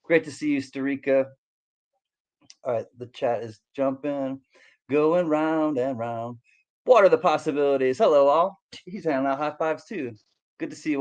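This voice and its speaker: A man hosting a casual livestream, cheerfully greeting viewers by name in quick shout-outs. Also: medium pitch, highs cut off. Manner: upbeat, reads out chat names in quick greetings. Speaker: livestream host.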